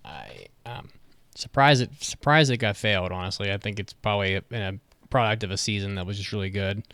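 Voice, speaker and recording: A man on a podcast tears into a show in a blunt, swear-laden rant. His voice is smooth and clear. The recording is dry and close, with no room sound. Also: lowish voice, animated, a little fast, a bit bright, no echo. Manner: blunt, profane, ranting. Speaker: podcast co-host. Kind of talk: casual review chat.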